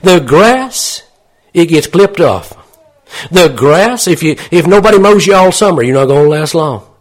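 Husky, folksy preacher man. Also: on the high side, animated, a little slow. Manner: folksy, plain-spoken, asks the listeners rhetorical questions. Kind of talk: sermon.

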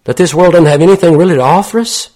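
A man preaching in a husky, slightly higher-pitched voice. He talks folksy and plain, turning often to his listeners with questions. It comes across as an unhurried sermon. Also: mellow.

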